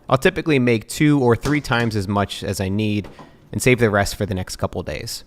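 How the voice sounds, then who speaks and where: A man in his thirties, from the American East Coast, narrating his vlog in a calm, measured and even-toned way. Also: on the low side. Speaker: vlogger.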